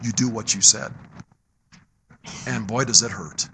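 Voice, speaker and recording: A middle-aged man preaching a sermon, moving between loud, emphatic exhortation and low, quiet storytelling. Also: measured pace, vocal fry, slight background noise.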